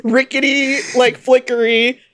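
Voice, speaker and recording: A woman's voice: high-pitched, little pitch movement, a little slow, a bit bright. A woman co-hosting a casual comedy chat, laughing often and slipping into mock voices. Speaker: podcast co-host.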